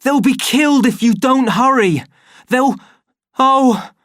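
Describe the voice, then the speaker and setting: A man voicing a timid, nervous man who yells shrilly for help in panic. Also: extremely high pitch, slow pace, no echo, studio quality, voice pushed up, full character voice. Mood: panicked.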